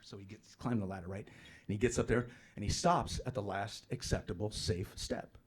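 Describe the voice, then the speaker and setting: A man doing a stand-up comedy set, telling a profane story with sudden loud outbursts. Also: mid-range voice, moderate pace, background noise. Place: comedy club stage with a live audience. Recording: live club with loud crowd laughter. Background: audience laughter.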